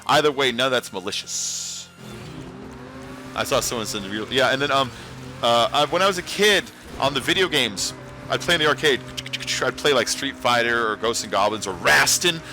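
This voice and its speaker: A man's voice: medium pitch, normal speed, noisy background. A man hosting a casual livestream, rambling and talking back to his chat. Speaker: livestream host.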